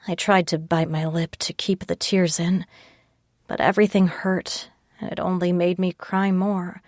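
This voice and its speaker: A woman reading a first-person audiobook in a calm, measured way on a close mic. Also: on the low side, no room sound. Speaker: audiobook narrator. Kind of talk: scripted first-person narration.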